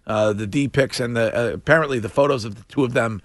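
A man hosting a talk radio show, chatting casually in a halting way, full of fillers and easy laughs. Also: medium pitch. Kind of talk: casual chat.

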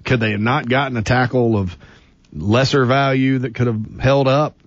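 A man's voice: medium pitch, fairly even intonation, normal speed, no echo, highs cut off. A man co-hosting a sports radio show, giving firm opinions with frequent restarts.

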